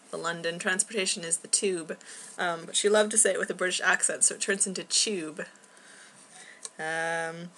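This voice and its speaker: A young woman talks casually into her camera at home for a video blog. Her voice is bright and forward, and her thoughts wander as she fills pauses with plenty of ums. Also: lowish voice, gravelly, a little hiss or hum. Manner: rambling, scattered, many ums. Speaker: book club vlogger.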